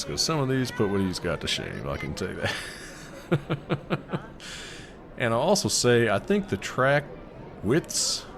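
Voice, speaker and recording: A man narrating his own vlog in a casual, rambling way, thinking out loud with fillers and little chuckles. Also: on the low side. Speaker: vlogger. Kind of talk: casual voice-over commentary.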